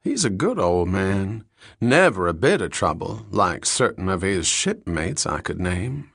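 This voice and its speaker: A man's voice: sits low, big pitch swings, a little slow, vocal fry, a bit bright, breathy edge, no echo, clean studio sound, full character voice. A man voicing a talkative, hospitable Southern landlady, a middle-aged woman, with a thick drawl.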